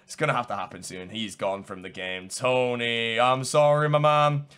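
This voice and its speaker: A man giving live gameplay commentary, excitable, going from low muttering to loud shouts. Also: normal speed, clear, resonant tone. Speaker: gamer.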